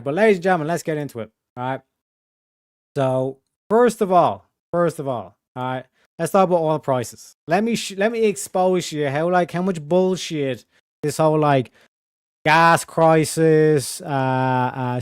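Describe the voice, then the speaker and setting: A man's voice: on the high side, clean tone, no room sound, clean studio sound. A young man streaming live, rambling casually in slang and reading out viewer donations. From Ireland.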